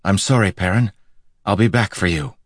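A man voicing a young woman, a commanding and impatient sorceress, in an audiobook, with demanding, sharp questions. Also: sits low, normal speed, no echo, studio quality, voice pushed up. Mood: curt. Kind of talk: audiobook character voice.

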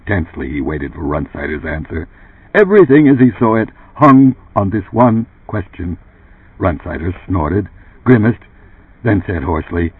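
A man narrates an audiobook with an expressive, dramatic reading. His voice is husky and moves widely in pitch. The recording is dry and thin, like a phone line. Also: moderate pace, no echo. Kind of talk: scripted narration. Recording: dry, tinny phone-like sound.

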